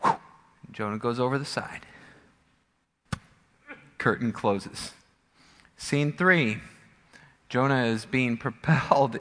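A man preaching a sermon as pastor, an animated storyteller who acts out scenes. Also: mid-range voice. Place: church sanctuary. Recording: long church hall reverb.

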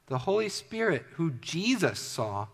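A male pastor preaching a sermon, swinging from loud emphatic bursts to hushed, almost whispered asides. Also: a little high, big pitch swings, a little slow, slightly rough, long reverb tail. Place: church hall.

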